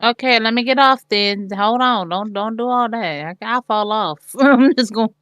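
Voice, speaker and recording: A woman's voice: on the high side, moderate pace, fairly bright tone, clear, resonant tone, dry recording, studio quality. A woman playing a tabletop game, talking hesitantly with fillers. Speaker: player. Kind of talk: casual tabletop play.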